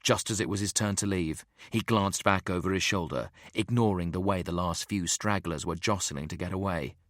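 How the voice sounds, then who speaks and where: A man reading a thriller audiobook in steady, measured narration. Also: low-pitched, no room sound, clean studio sound. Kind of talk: scripted narration.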